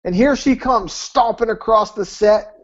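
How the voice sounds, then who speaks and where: A man's voice: high-pitched, unhurried. A man presenting his weight-loss program, telling success stories in an emphatic, repetitive, preacher-like way over a video call. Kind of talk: storytelling sales talk. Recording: dull lo-fi call audio.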